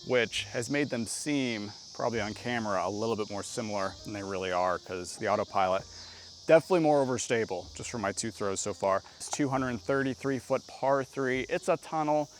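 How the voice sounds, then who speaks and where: A man giving casual, chatty play-by-play of his own throws on a disc golf course outdoors, getting excitable on good shots. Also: on the low side, a little fast, a little hiss or hum.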